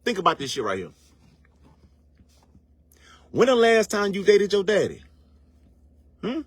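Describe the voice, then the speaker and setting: With a high, slightly rough voice and huge pitch swings, a male online commentator launches into a casual, profane motivational rant. Slang and rhetorical questions fill it, and he stretches words in a preachy, drawn-out way. There's no echo.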